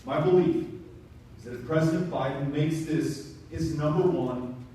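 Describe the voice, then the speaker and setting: A man's voice: a little high, unhurried, dark tone, a little hiss or hum. A man from Texas giving an impassioned speech at a town hall, building to emphatic, rising passages. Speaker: political speaker at a town hall. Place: town hall event, roomy space. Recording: echoey room, mic from a distance.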